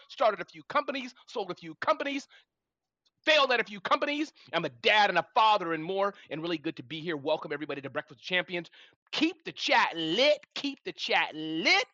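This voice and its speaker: Upbeat guy hosting a live audio show, high bright voice, kinda muffled dry sound. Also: no room sound. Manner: energetic, hyped-up. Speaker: host.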